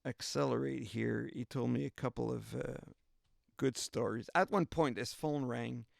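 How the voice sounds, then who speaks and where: A man's voice: medium pitch, a little slow, vocal fry, no echo, clean studio sound. A man podcast host casually retelling a story in a chatty, rambling way, full of filler asides.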